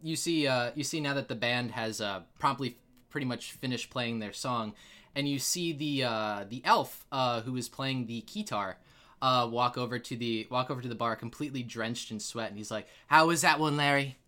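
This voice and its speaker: Bright-voiced young man, game master. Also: mid-range voice, normal speed. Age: young adult. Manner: casual, many fillers and restarts, laughs often. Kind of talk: narrating a tabletop game.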